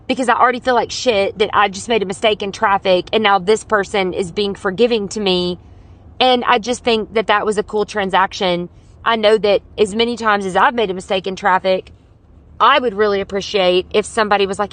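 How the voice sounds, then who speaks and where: A woman hosting her own podcast, talking straight to the listener in a casual, chatty way. Her voice sits at an ordinary middle pitch. She tells her story earnestly and peppers it with "like.". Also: moderate pace. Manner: chatty and earnest, many "like" fillers. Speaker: podcast host. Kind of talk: scripted podcast intro.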